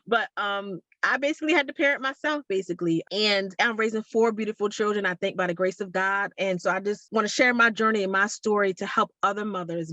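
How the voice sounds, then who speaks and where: A woman's voice: mid-range voice, a little fast, few pauses, pushed and bright, no room sound. A woman, a mother of four, earnestly introducing herself and her mission to help other mothers. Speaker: mother sharing her story. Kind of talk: self-introduction in a group call.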